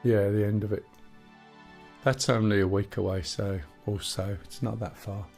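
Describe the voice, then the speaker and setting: A chatty man in his sixties runs a live game stream, his voice sitting a little low. He rambles and drops jokey asides as he plays. Faint music hums underneath. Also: fairly even intonation, normal speed, gravelly, darkish tone. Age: 60s. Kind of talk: casual gameplay chat.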